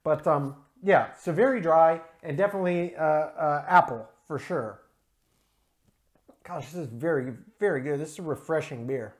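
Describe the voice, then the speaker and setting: A man's voice: on the high side, normal speed. Enthusiastic man reviewing beer. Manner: enthusiastic, descriptive, frequent um and uh. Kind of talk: casual solo review.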